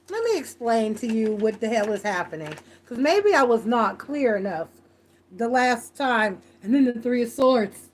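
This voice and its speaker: A woman doing a live tarot reading, blunt, profane and rambling, stressing her points again and again. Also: fairly high pitch. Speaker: tarot reader.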